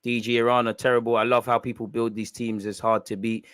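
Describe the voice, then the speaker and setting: A young man hosting a football watch-along, reacting loudly in slangy, shouty commentary. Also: medium pitch, fast talker, smooth, dry recording. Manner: excitable, shouty and slangy, chanting and yelling at the referee.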